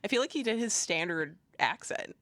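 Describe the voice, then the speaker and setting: A woman's voice: mid-range voice, lively intonation, normal speed, fairly bright tone, no room sound. A woman co-hosting a casual video chat, teasing and laughing a lot. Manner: giggly and teasing, laughs often. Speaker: co-host.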